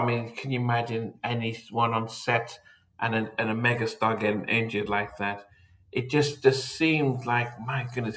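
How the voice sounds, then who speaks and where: A man co-hosting a casual podcast chat, halting and repeating words as he thinks aloud. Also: medium pitch, fairly bright tone, poor audio.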